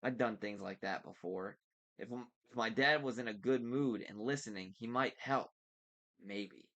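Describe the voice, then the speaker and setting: A man with a lowish voice reading a novel aloud at a casual pace. He narrates in a relaxed, unpolished way and restarts lines when he stumbles. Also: normal speed, highs cut off. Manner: relaxed, stops to correct slips. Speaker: book reader.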